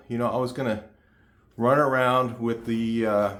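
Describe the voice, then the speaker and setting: A man's voice: mid-range voice, fairly even intonation, a little slow, a bit bright. A man in his sixties chatting casually to his viewers, rambling with lots of fillers and restarts. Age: 60s. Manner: chatty, repeats himself, frequent fillers and restarts. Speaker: car channel host. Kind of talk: casual rambling talk to camera. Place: home garage.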